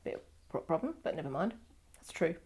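A woman's voice: low voice, sing-song, fairly quick, darkish tone, breathy edge. An older woman telling her life story in an oral history interview, wry and digressive, often correcting herself mid-sentence.

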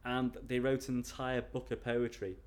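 A man's voice: medium pitch, level tone, moderate pace. A man answering interview questions in a casual, hesitant way, often restarting and laughing at himself. He is from England. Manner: hesitant, restarts often, chuckles self-consciously. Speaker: interview guest.

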